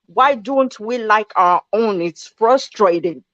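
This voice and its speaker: A woman's voice: medium pitch, takes it slowly, fairly bright tone, no echo. A woman from Nigeria speaking emphatically in a casual panel discussion. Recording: dull, dry recording.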